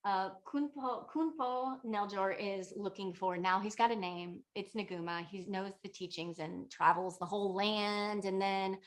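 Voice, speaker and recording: A woman's voice: medium pitch, steady tone, unhurried, hardly any pauses. A woman, a yoga and meditation teacher, casually retelling a legend in a chatty, filler-heavy way. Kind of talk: casual spoken storytelling.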